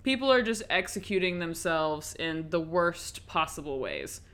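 A woman's voice: on the low side, expressive, a little slow, fairly bright tone. A woman giving a casual, chatty recap and review of a horror film, with frequent ums and likes.

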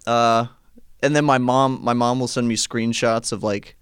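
A man in casual comedic chat, making wry, deadpan asides. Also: mid-range voice, moderate pace, clear, resonant tone, no echo, clean studio sound.

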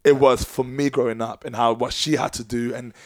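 A man's voice: mid-range voice, fairly even intonation, fairly quick, no room sound. A man, a professional dancer and choreographer, talking earnestly in a casual podcast chat, full of fillers and restarts.

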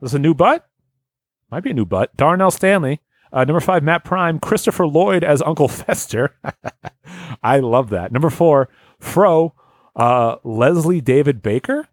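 A man's voice: a little high, lively intonation, a little slow, dry recording. A man hosting a casual podcast, reading listener lists aloud, joking and laughing often. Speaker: podcast host.

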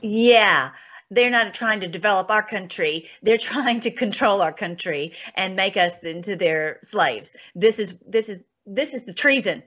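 A woman's voice: mid-range voice, expressive, measured pace, a bit bright. Indignant woman commentator, lo-fi sound. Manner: indignant, repeats herself. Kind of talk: reactive commentary. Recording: dull, lo-fi recording.

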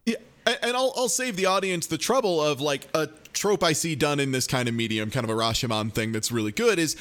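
A man's voice: on the high side, expressive, brisk, a bit bright. A man co-hosting a podcast, recapping an episode in casual chat with laughs and mock outrage. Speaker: podcast co-host.

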